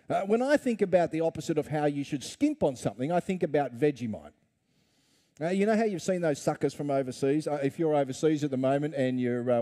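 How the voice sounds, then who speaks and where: A man's voice: a little high, warm tone. A middle-aged man, preaching a conversational sermon full of rhetorical questions and playful asides. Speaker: pastor.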